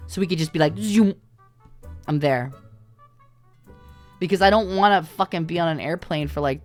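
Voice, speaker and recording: A woman streamer from Canada chatting casually on a livestream, her voice sitting fairly low. She tells stories in an animated way, laughs a lot and swears freely. Faint music plays behind her. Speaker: VTuber streamer.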